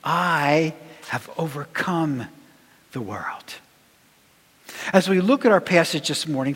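A man preaching a sermon in a measured, emphatic way, his voice dropping low at the ends of phrases. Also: slightly rough. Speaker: pastor. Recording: long reverb of a church hall.

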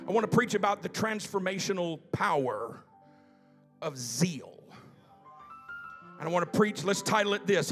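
High-voiced fervent preacher man. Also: soft background music. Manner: reads scripture slowly with drawn-out emphasis; builds to loud, fervent exhortation. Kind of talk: sermon. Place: church sanctuary.

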